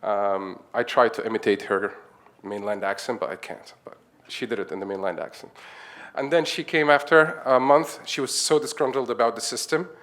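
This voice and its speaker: Low-voiced man. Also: normal speed, a bit bright. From Egypt. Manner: chatty, acts out quoted dialogue, chuckles often. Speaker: conference speaker, nonprofit founder. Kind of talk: conference talk, anecdotal storytelling.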